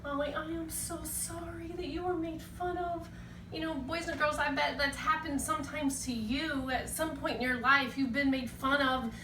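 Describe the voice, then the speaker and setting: A woman teaching a children's Bible lesson, talking to the kids in an animated, gushing, sing-song way. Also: high-pitched, moderate pace, noisy background. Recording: echoey room, mic at a distance.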